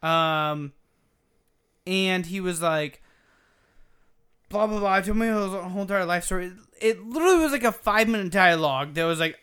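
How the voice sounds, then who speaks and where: Co-hosting a gaming podcast, a man tells a long story in casual chat, swearing freely and acting out quotes as he goes. His high-sitting voice is smooth, at a moderate pace with frequent pauses.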